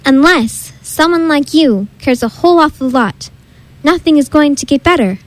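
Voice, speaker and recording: A woman's voice: high voice, expressive, moderate pace, no room sound, low-quality recording. A woman voicing a greedy, defiant male factory owner with a brash, insistent way of talking, in a storybook read-aloud. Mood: earnest.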